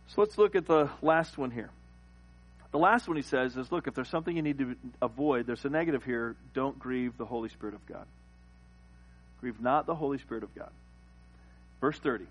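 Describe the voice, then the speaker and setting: A middle-aged man preaching a sermon, building to loud emphatic peaks. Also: medium pitch, expressive, brisk, breathy edge, low-quality recording. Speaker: pastor.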